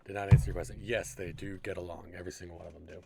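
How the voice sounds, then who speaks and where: A young man with a slightly low voice, hosting a casual stream. He chats with his viewers in a relaxed, rambling manner. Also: very fast, gravelly, slight background noise.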